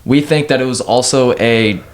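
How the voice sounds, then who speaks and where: A man explaining in casual chat, halting and full of "you know what I mean". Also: mid-range voice, crowd noise. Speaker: guest urban explorer.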